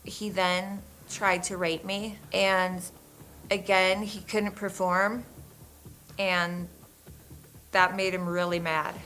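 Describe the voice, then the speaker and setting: A woman recounting her own ordeal in measured, halting first-person testimony, with pauses and restarts. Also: lowish voice, level tone, fairly bright tone, faint music behind, poor audio.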